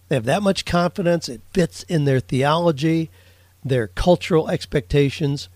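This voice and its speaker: A man's voice: on the high side, moderate pace, a little mellow, no echo. A man hosting a solo podcast, chatting through listener questions. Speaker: podcast host.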